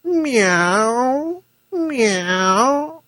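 A man's voice: high-pitched, very animated, vocal fry, bright, forceful tone, no room sound, clean studio sound, pitched above the performer's own voice, full character voice. A man voicing a greedy, sly female cat in a storybook reading, mewing with a phony purr. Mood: wheedling. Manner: phony purring, drawn-out mewing.

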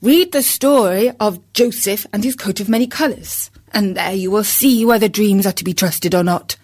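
A woman's voice: medium pitch, normal speed, darkish tone, slightly rough, natural voice. A woman voicing a proud, boastful male rooster who lectures his wife in a pompous way, in a storybook reading.

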